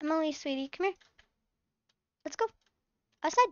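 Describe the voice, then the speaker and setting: High-voiced woman playing a scolding mom. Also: expressive, moderate pace, no echo, lo-fi sound. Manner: chatty, mothering, scolding. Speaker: channel host playing a mom. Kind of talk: casual game role-play narration.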